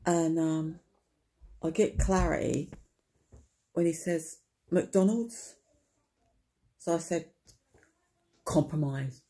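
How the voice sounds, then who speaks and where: A vlogger tells a rambling, wry comic tale straight to camera in a low, dark, gravelly voice, keeping a level tone, going slowly with long pauses. She's chatty, swears offhandedly, keeps checking in with little tag questions and repeats her punchlines.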